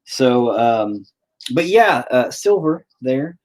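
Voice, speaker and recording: A man's voice: medium pitch, very animated, takes it slowly, noisy background. A man with a rural Southern US accent, chatting casually while he paints, rambling, profane and self-mocking. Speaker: painting video host.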